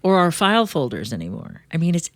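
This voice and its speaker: A woman hosting a money talk show, chatting casually and joking with quick asides. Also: deep voice, huge pitch swings, no echo. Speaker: show host. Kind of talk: casual radio-show chat.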